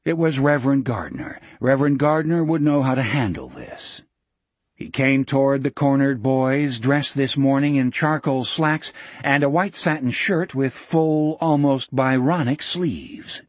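A male narrator reads a novel with measured, dramatic storytelling. His voice is husky and unhurried, sitting at an ordinary pitch. The recording is dry and close, like a studio mic. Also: animated, no echo. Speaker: audiobook narrator. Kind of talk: scripted narration.

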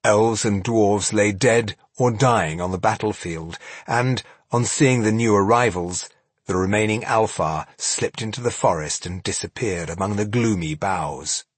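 A man reading fantasy fiction aloud as an audiobook narrator, with dramatic, measured storytelling. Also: fairly low pitch, husky, dry recording.

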